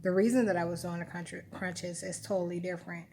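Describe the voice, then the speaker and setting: A woman's voice: on the low side, steady tone, a little fast, dark tone, slight background noise. A woman talking to her camera in a rambling personal monologue, musing and correcting herself as she recalls things. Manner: musing, self-correcting, recounting memories. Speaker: vlogger.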